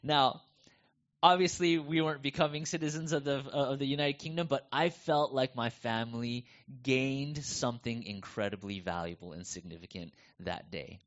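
A man's voice: mid-range voice, normal speed, a bit bright. A middle-aged man with a North American accent, preaching a conversational sermon and telling stories with animation. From United States. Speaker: pastor. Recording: dull lo-fi sound.

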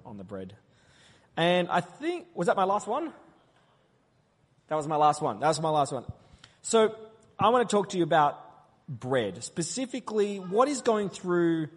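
Male preacher, slightly high husky voice, lively crowd quizzer, in a reverberant church hall. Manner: playful, quizzing the crowd, loud call-and-response. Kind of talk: interactive sermon with the congregation.

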